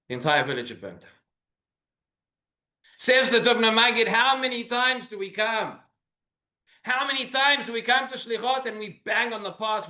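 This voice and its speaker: A man's voice: high voice, sharp tone, reverberant. A man, a rabbi, giving an earnest sermon full of rhetorical questions in a synagogue.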